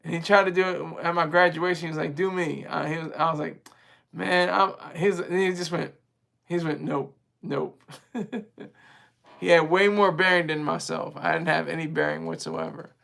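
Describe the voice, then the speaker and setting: A man's voice: on the high side, level tone, a little fast, gravelly, fairly bright tone. A man hosting a livestream, talking casually with his viewers in a rambling, chatty way and laughing easily. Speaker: livestream host reading viewer chat.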